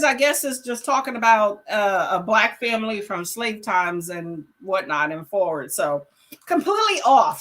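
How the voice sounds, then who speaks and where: A woman's voice: a little high, a bit bright. A young woman hosting a casual reading livestream, greeting viewers and answering their comments in a chatty, laughing way. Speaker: livestream host.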